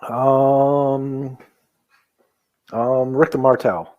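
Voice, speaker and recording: This Midwestern wrestling podcast co-host talks very slowly with a flat delivery, his mid-range voice caught in a dry, lo-fi recording. The chat is casual, and he stays easygoing while firing off plenty of questions.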